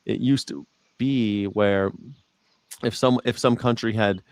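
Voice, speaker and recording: A man's voice: lowish voice, steady tone, slow, a little mellow, no room sound. Rambling male livestream host. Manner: rambling, reads viewer comments aloud. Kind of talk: casual political chat.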